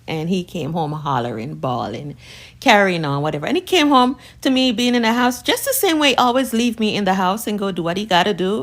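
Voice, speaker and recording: A woman telling a personal storytime tale to her viewers in a casual, sassy, conversational way. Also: fairly low pitch. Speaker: storytime video creator.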